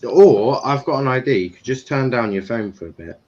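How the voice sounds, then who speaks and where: A young man hosting a football watchalong stream, easygoing and hesitant with plenty of pauses. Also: medium pitch, expressive, a little mellow. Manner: easygoing, hesitant, lots of ums. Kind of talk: casual live stream chat. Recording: dull lo-fi stream mic, faint noise.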